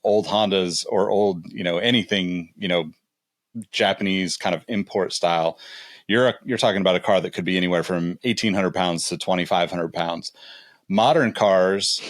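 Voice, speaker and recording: A man's voice: low voice, normal speed, no room sound, clean studio sound. A man co-hosting a podcast, explaining things in a casual way with many fillers. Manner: explanatory, lots of "you know". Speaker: podcast co-host.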